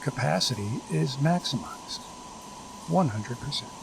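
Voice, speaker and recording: A man voicing a monotone spaceship computer that reads out status reports in a flat way. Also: medium pitch, measured pace, creaky. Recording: noisy background.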